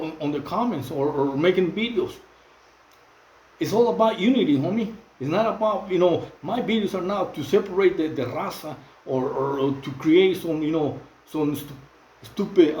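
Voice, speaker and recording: A man's voice: a little high, a little mellow, reverberant, rough recording. A middle-aged Mexican man talking straight into his phone in a loose monologue, heavy on slang, fillers and restarts. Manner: repetitive, many fillers and restarts, street slang. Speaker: channel host. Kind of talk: casual monologue to camera.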